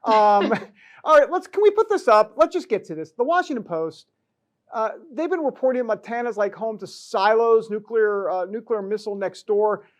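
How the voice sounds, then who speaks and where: A man's voice: high voice, lively intonation, moderate pace. A man hosting a talk show, giving comedic news commentary in a sarcastic, joking way.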